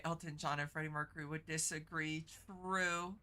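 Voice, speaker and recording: Teary, congested woman streamer, bright voice. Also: deep voice, steady tone. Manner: halting, stumbling over words. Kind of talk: casual live-stream chat.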